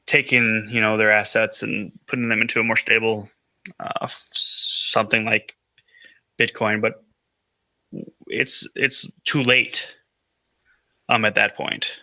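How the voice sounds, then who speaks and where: A man's voice: lowish voice, level tone, unhurried, pauses often, bright, forceful tone, no echo. A man co-hosting a podcast in casual chat, rambling and hesitant with lots of fillers and restarts. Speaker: podcast co-host.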